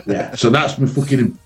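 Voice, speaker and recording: A man co-hosting a casual podcast, telling an animated, heavily sweary story about his youth. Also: lowish voice. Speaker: podcast co-host.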